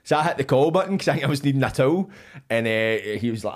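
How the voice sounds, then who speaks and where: Fast-talking Scottish man. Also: medium pitch. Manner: animated, acts out his own past lines, swears freely. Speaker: podcast guest. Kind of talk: casual storytelling chat.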